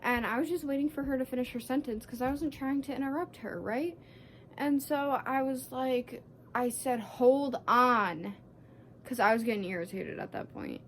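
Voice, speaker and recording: A woman's voice: medium pitch, a little hiss or hum. A sixteen-year-old girl telling a story in a chatty, casual vlog, fired up and swearing freely. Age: teens. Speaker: vlogger.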